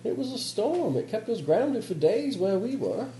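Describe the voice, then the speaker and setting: A man putting on a weary, gruff radio operator with a Southern American drawl, brooding over dark memories. His pitch swings widely as he talks. The tabletop recording sounds roomy with a faint hiss behind it. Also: sing-song, moderate pace. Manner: gruff, brooding, ominous storytelling. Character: weary male radio operator at a polar base.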